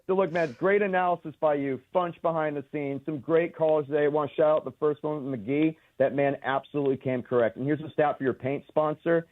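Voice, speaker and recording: A man's voice: fairly high pitch, steady tone, fairly quick, few pauses, no room sound. A man in his forties from Los Angeles, calling in to a sports radio show and talking in an earnest, emphatic, rambling way. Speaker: caller. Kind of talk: call-in radio chat. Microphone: phone call. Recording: tinny phone line.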